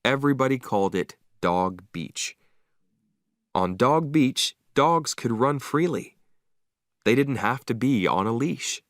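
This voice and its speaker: A man narrating a simple story slowly and clearly for English learners, with an expressive reading. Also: medium pitch, no room sound, studio quality.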